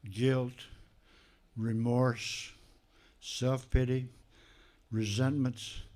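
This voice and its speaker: A man's voice: medium pitch, a little mellow. An older man giving a talk at a recovery meeting, emphatic and folksy, repeating key phrases with dry humor.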